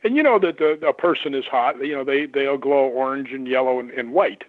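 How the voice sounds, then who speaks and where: A man who investigates the paranormal, telling lively stories and acting out the voices of the people in them. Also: mid-range voice, brisk, no room sound. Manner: animated anecdotes, acts out quoted voices. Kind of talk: storytelling on a radio call-in. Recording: tinny phone line.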